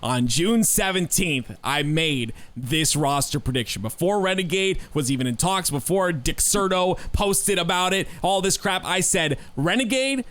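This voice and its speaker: Man, podcast co-host, fairly high voice, assertive, folksy sayings, hammering his points. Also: unhurried, few pauses, dry recording. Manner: animated and assertive, with folksy sayings and repeated emphasis. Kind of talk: casual podcast discussion.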